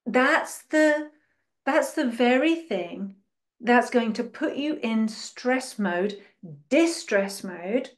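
A woman's voice: a little high, lively intonation, very slow. A woman giving a spiritual teaching monologue. She asks many rhetorical questions and dramatizes how other people think.

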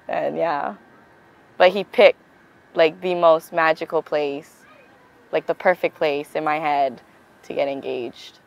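Young woman, lowish voice, chatty and teasing as she tells how they met. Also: fairly even intonation, measured pace, gravelly, long pauses, low-quality recording. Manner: playful, acts out quotes, affectionate. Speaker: bride-to-be interviewed for an engagement video. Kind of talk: casual storytelling interview.

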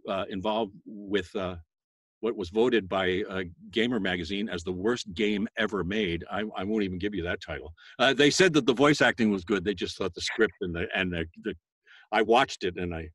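A voice actor talking casually to a school class, chatty and self-deprecating, with many fillers and bursts of a loud sales voice. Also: male voice, lowish voice, no echo. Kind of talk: casual interview talk.

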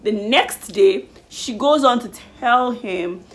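A woman chatting casually in a lively, animated way as she reviews a reality show. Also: on the high side, slow pace. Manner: lively, animated retelling with slang. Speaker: YouTube reviewer.

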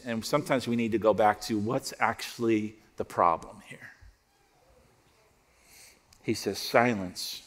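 A man preaching a sermon as pastor, conversational and joking, dropping to soft prayerful tones. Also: medium pitch, in a large hall. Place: church auditorium.

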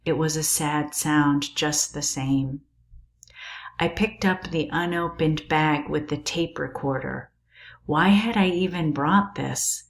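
A woman reading a novel aloud in a calm, measured, quiet way. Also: low voice, gravelly.

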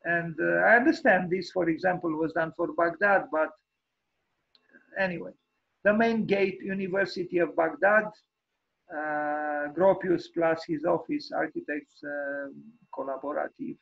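A man with a high, gravelly voice that has a husky edge gives an informal online architecture lecture. He talks haltingly, with many fillers and restarts, and offers frank, wry opinions. The audio comes over a video call and sounds dull and lo-fi. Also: steady tone. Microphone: video call microphone.

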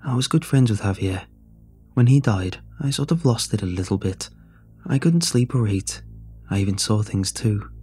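A man's voice: on the low side, animated, normal speed, mellow, husky, soft background music. A man voicing a serious, blunt male crewman who gives urgent warnings in a story reading. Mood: grave.

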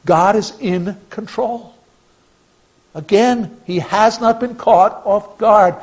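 A male pastor delivering a sermon in a notably high voice. He speaks with earnest conviction, pressing hard on key phrases and then dropping almost to a murmur. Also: takes it slowly, poor audio. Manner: earnest preaching, swings from emphatic to hushed.

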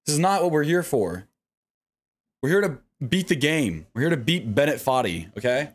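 A man with a fairly high voice streams live at a moderate pace, commenting on his play and talking to himself. His self-talk is animated, full of swearing as he coaxes himself through every attempt.

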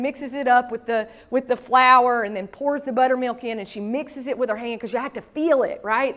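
A woman's voice: fairly high pitch, fairly bright tone. A woman pastor preaching a sermon, telling folksy stories in a chatty, conversational way with side remarks. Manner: conversational, folksy storytelling with asides. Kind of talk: storytelling sermon.

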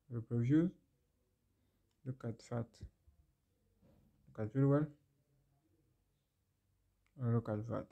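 A man with a medium-pitched, dark-toned voice hosts a screen-recorded phone tech tutorial. He guides the viewer step by step, asking them questions directly, repeating phrases, and exclaiming over the results.

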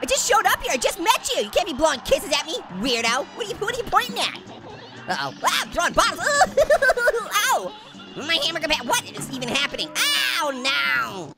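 Super high squeaky sped-up orange fruit, giggly and punny, voice bouncing everywhere. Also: male voice, wildly swooping pitch, normal speed, exaggerated voice. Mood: giggly, teasing. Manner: giggly, punning, goofy taunts. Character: hyper, wisecracking talking orange fruit. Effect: sped-up high pitch-shifted voice. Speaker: game commentator. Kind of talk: let's play commentary. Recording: loud game music underneath. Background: game music.

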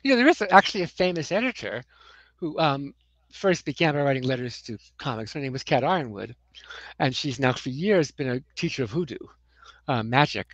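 A woman's voice: extremely low pitch, expressive, a little fast, dry recording, poor audio. An American woman in a casual interview, telling rambling anecdotes with many "you know"s and chuckles. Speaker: comics writer, guest.

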